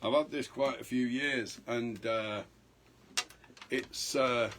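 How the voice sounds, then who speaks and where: Slow, halting male musician, guitar behind. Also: medium pitch, steady tone, a bit bright. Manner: halting, unhurried, many filler pauses. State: voice strained after a chest infection. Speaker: musician hosting a live stream. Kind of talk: casual chat between songs. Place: at home. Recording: guitar sounding under the voice.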